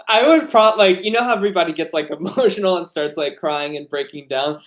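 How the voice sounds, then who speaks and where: A man's voice: high voice, fairly quick. A man co-hosting a casual comedy podcast, laughing often as he talks. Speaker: podcast co-host.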